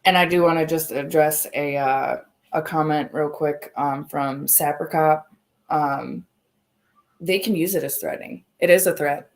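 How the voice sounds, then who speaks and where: A woman's voice: sits low, fairly even intonation, unhurried. A woman hosting a livestream, speaking in a heated, confrontational way and swearing often. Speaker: livestream host. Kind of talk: angry livestream address.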